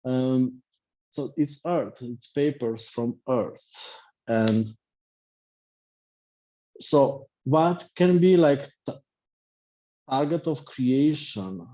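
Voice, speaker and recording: A middle-aged life coach teaches an online class over a video call, his medium-pitched, dark voice extremely slow with frequent pauses. He speaks in short, reflective phrases and repeats himself, and the audio is dull and lo-fi.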